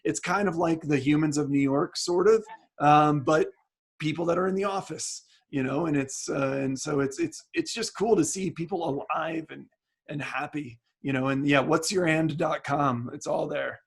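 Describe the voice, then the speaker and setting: A man's voice: a little high, normal speed, vocal fry, husky. A man being interviewed about his book, talking casually over a video call with lots of fillers and restarts. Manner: chatty, many restarts and fillers. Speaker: guest author.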